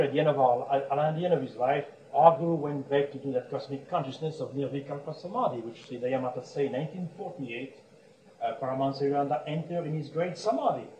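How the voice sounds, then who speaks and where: A man with a somewhat high voice preaches as a monk, telling anecdotes and breaking into chuckles. He sounds set back from the microphone in an echoey room, with a faint hum behind him. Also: dark tone, highs cut off. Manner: storytelling with frequent chuckles and restarts. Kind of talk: sermon. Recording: roomy echo, distant mic, faint background hum.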